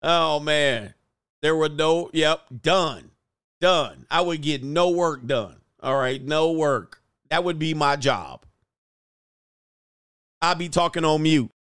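A man's voice: a little high, takes it slowly, long pauses, smooth, dry recording, clean studio sound. A middle-aged man hosting a casual livestream, reading chat comments and acting out quoted lines, laughing often. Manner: laughs often, loose and animated, acts out quoted voices.

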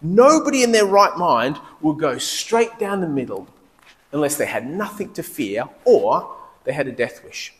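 Preacher in a reverberant hall. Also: male voice, a little high, unhurried. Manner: lively conversational preaching with rhetorical questions. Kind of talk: sermon. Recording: long reverb of a large hall.

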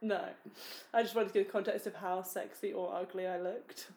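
A woman's voice: mid-range voice, steady tone, moderate pace, a little mellow. Giggly woman telling stories. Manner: giggly, storytelling, self-mocking. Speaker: podcast co-host. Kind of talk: casual chat.

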